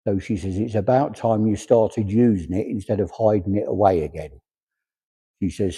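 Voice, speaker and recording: Guy doing medium readings at church, husky low-key voice, chatty and jokey. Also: dark tone. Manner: relays spirit messages in quoted voices, chatty and humorous.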